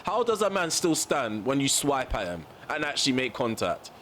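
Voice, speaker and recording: Brief: young man, gaming commentary, mid-pitched voice, faint room noise behind. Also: moderate pace. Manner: exasperated ranting at the referee, shouting; calm recap to viewers. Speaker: gaming YouTuber. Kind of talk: gameplay commentary.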